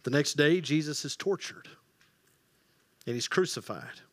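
A man preaching a sermon as pastor, telling the story with lively acted-out quotes and hushed quiet passages. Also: fairly high pitch, a little slow, no echo. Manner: animated storytelling, acting out quoted voices, dropping to hushed tones.

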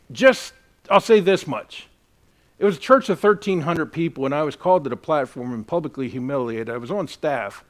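A man preaching a sermon as a pastor, earnest and emphatic as he tells a personal story. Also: a little high.

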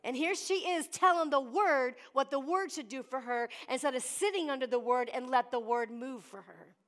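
A middle-aged woman preaching with a high voice. She speaks in the style of a pastor's sermon, tossing questions out to the congregation. She slips into the voices of the story's characters as she goes. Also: normal speed, a bit bright. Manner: preachy call-and-response, acts out Bible voices.

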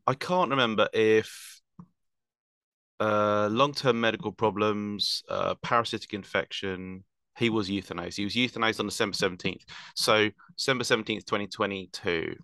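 A man's voice: on the low side, fairly even intonation, normal speed, bright, forceful tone, dry recording. A man explaining wildlife at length in casual chat, rambling with fillers and self-corrections.

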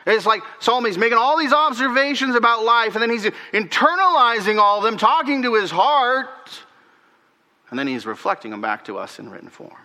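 A male pastor preaching a sermon, animated, repeating words and swinging from emphatic highs to hushed, near-whispered lows. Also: a little fast, long reverb tail.

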